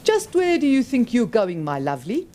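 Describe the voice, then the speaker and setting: A woman's voice: on the high side, wildly swooping pitch, moderate pace, warm tone, voice pushed up. A woman voicing a menacing male musician who taunts and threatens in a mocking way, read aloud from a novel. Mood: taunting.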